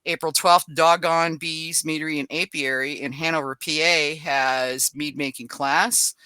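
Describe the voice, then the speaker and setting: A woman's voice: sits low, steady tone, pushed and bright, clean tone, no echo. A woman hosting a podcast, reading through a list of upcoming events in a casual way with chatty asides. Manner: reads a list briskly with asides and small laughs. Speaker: podcast host. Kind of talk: casual event-listing readout.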